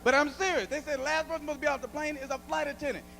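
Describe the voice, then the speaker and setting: A man doing a stand-up comedy set, telling stories loudly and acting out the voices of the people in them. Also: very high-pitched, racing, gravelly, a little hiss or hum, poor audio. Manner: loud animated storytelling, acts out voices. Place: comedy club stage.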